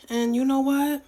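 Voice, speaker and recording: A woman's voice: sits high, mellow. A young woman from New York City co-hosting a podcast, ranting bluntly and profanely in casual reality-TV commentary. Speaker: podcast co-host.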